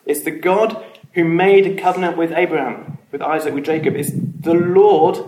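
Hombre serio, enseñando en sala resonante. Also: male voice, a little high, a little fast, a little mellow. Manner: earnest, repeats words, asks the group questions. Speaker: Bible study leader. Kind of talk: informal Bible teaching. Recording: echoey room, faint noise.

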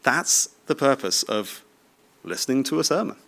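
A man in his thirties preaches in an easygoing, conversational way, often turning to the listeners with short tag questions. His voice sits at a middle pitch, and he laughs lightly from time to time. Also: big pitch swings, moderate pace, a bit bright. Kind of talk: sermon.

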